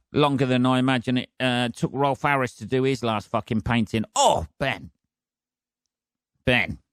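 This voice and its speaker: Sweary rambling man, low voice. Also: dry recording, studio quality. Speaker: podcast host. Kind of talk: casual solo podcast rant. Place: his flat, indoors. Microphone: decent home podcast setup.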